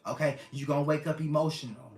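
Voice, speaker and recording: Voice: medium pitch, steady tone, fast, darkish tone. Earnest tarot reader in a roomy space. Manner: earnest, repeats phrases, addresses listeners fondly. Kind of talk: casual tarot reading to camera. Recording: roomy echo.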